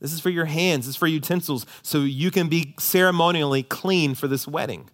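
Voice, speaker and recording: Emphatic pastor with a higher voice. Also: male voice, fairly quick, fairly bright tone. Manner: emphatic, repeats key phrases in a preaching cadence. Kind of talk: sermon.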